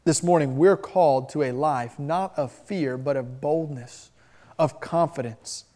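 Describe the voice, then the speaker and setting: A man preaching a sermon, emphatic, moving between loud stressed phrases and soft drops. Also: on the high side, a little slow. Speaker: pastor.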